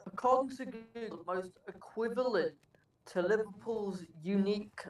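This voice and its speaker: A man's voice: high-pitched, moderate pace. A British man chatting playfully on a livestream, self-deprecating and easygoing. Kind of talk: casual chat. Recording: echoey, distant, noisy call audio.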